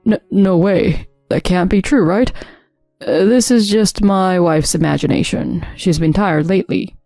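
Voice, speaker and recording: A woman voicing a nervous, scheming husband who stammers and talks defensively, with a warm, mellow tone. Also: mid-range voice, moderate pace, dry recording, clean studio sound, faint music behind, close to an everyday voice.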